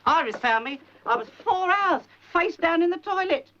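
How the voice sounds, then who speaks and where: A very high-pitched, sharp, exaggerated voice, animated and at normal speed, comes from a performer in a 1970s film comedy. The role is an elderly, overbearing, nagging mother who gossips, fusses and poses as a psychic in a rambling, theatrical manner. The old soundtrack sounds dull, with faint hiss.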